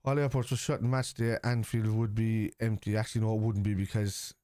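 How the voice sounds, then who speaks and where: A man's voice: lowish voice, little pitch movement, fairly quick, warm tone, no echo. A man, hosting a live football watchalong and answering viewers bluntly, with plenty of swearing. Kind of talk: live stream chat reacting to viewers.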